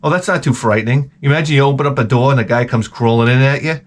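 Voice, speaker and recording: A middle-aged man hosting his own channel, giving a crude, profane comedic rant that swings from mutters to shouts. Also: medium pitch, quick pace. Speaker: channel host.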